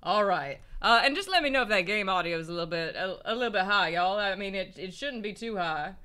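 A man's voice: high voice, lively intonation, a little fast, bright, forceful tone, clear, resonant tone. A man with a Southern US accent, rambling and joking as he comments on a game he's playing. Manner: rambling, self-mocking, laughs often. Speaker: let's play co-host. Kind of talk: casual gameplay commentary.

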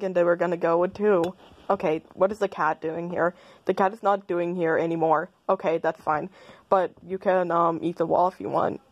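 A woman rambling through a playful, silly stream of consciousness, arguing back and forth with herself and giggling. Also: fairly low pitch.

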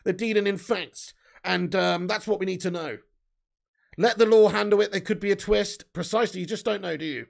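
A man's voice: high voice, a little fast, gravelly. An English man hosting a casual live stream, chatting loosely, reading viewer comments aloud and swearing now and then. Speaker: livestream host reading chat.

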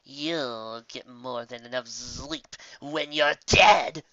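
A woman's voice: extremely low pitch, very animated, takes it slowly, vocal fry, sharp tone, full character voice. A woman voicing a sadistic, sneering female pony villain with a taunting, snide delivery, in a slightly muffled lo-fi recording. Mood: snarling.

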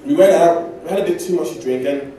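An English man preaches a sermon in a church hall, sharing personal stories conversationally with self-deprecating humor. His voice is on the high side, brisk and mellow, picked up by a distant mic in the echoey hall with a little hiss or hum.

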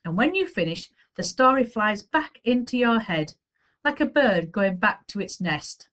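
A woman's voice: medium pitch, very animated, unhurried, fairly bright tone, muffled recording. A woman voicing a young boy who speaks earnestly and with feeling in a read-aloud storybook. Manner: earnest, emotional pleading. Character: young boy, passionate about oral storytelling.

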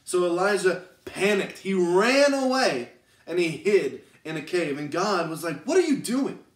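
A man's voice: high-pitched, a little slow. A man giving a casual youth sermon, retelling scripture conversationally and checking in with listeners. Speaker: youth pastor. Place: church. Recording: roomy, distant mic.

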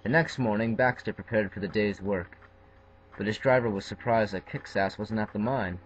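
Low-voiced man narrating a storybook. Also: moderate pace, muffled recording, a little hiss or hum.

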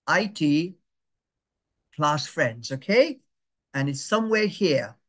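Over a video call, a man with a high-pitched, slightly bright voice teaches digital skills patiently, one step at a time. He repeats each step slowly and checks that everyone can keep up.

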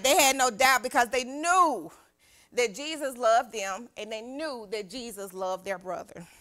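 Young woman, youth pastor sermon, exuberant call-and-response, high bright voice. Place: church.

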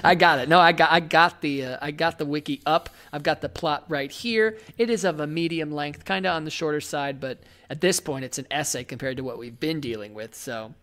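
A woman's voice: sits low, a bit bright. A woman hosting a casual podcast, chatty and prone to laughing. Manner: chatty, slow, laughs often. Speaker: podcast host. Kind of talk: casual chat.

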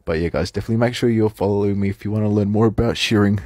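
This young Australian vlogger talks fast in a fairly low voice, with background noise behind him. His casual talk to camera is rambling and frank, packed with fillers and restarts.

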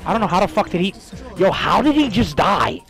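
A young man streaming a video game, loud and profane, trash-talking and yelling at his teammate. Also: sits high, sing-song, a little fast, gravelly, soft background music. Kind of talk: casual gaming stream chat.

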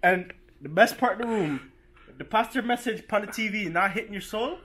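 A man with a high voice leads a goofy tour of a church lounge, hamming it up in an exaggerated put-on accent with mangled grammar. He points things out in a loose, joking way. It is caught indoors on a small handheld camera mic, with faint noise behind him. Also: a little fast, a bit bright. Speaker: tour guide for a church volunteer room. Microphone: handheld pocket camera mic.

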